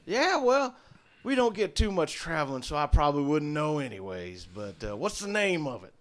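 A man's voice: fairly high pitch, sing-song, normal speed. A man voicing a wary, folksy rural orchard keeper who speaks in a drawl and keeps calling people "boy". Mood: suspicious. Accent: folksy rural drawl, put on.

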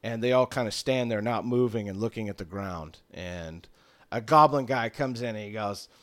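A man's voice: lowish voice, normal speed, fairly bright tone. A man running a tabletop game as game master, narrating in a loose, rambling way.

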